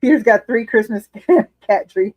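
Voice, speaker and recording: A woman's voice: a little high, unhurried, highs cut off. A woman hosting a casual livestream from her living room, chatting candidly with viewers, laughing often and swearing freely. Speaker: livestream host reading chat. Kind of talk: casual chat.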